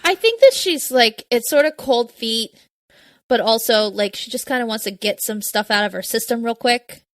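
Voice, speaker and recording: Woman, podcast co-host, casual chat, relaxed, amused, slightly high voice, dry recording. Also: normal speed, no room sound. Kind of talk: casual chat recapping a TV episode.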